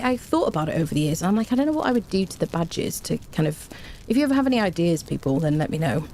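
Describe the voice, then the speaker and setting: Chatty woman streamer, low voice. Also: darkish tone, a little hiss or hum. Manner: chatty, rambling, thanking viewers by name. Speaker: game streamer. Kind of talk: casual live-stream chat.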